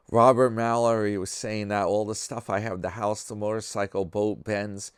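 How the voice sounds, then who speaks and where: Man, vlog host, casual chat, smooth voice, reading comments aloud. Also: fairly low pitch, no room sound, studio quality. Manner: chatty, wry, reads comments aloud.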